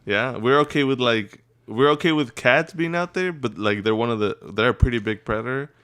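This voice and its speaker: Laid-back young man with a smooth voice. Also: medium pitch, expressive, brisk, fairly bright tone. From Texas. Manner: laid-back, laughs often, says bro a lot. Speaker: podcast co-host. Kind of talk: casual chat.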